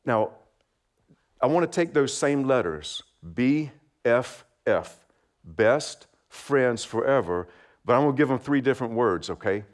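Guy preaching a sermon, friendly, gets folks to repeat after him, mid pitch voice. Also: lively intonation, unhurried. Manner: friendly, asks for call-and-response, laughs often. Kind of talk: children's sermon.

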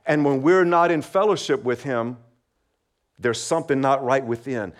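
Delivering a children's sermon at a normal pace, this man sounds animated, his voice medium in pitch. He keeps things simple and warm, asking listeners to echo his words and often laughing softly as he moves along.

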